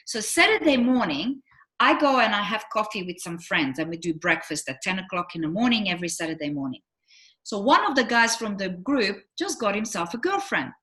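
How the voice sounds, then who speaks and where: Fairly quick and medium-pitched, this middle-aged woman is a relationship coach sharing stories in relaxed conversation. She performs the quotes and plays each character as she goes.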